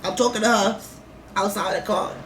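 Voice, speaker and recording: A woman's voice: medium pitch, steady tone, normal speed, fairly bright tone, a little hiss or hum. A woman vlogger telling a story in a candid, profane, rambling way, full of fillers. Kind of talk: casual storytime.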